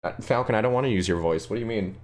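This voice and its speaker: A man's voice: fairly low pitch, very fast. A man streaming a game live, chatting casually with viewers and rambling through their requests. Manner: rambling, answers chat requests, restarts sentences. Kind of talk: casual live-stream chat while gaming.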